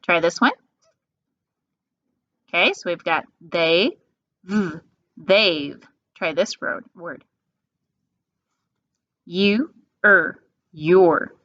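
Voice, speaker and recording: Woman teacher, bright voice, slow careful delivery; phonics drill for kids, dull lo-fi recording. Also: on the low side, no room sound. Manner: slow, patient, drawn-out sounds. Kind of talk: phonics lesson for young children. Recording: dull lo-fi sound.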